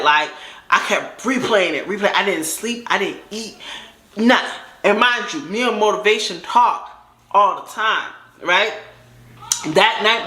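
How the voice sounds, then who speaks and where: A young woman telling a story from her life in a casual, animated, dramatic way, full of slang. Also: medium pitch. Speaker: storytime vlogger. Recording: roomy echo.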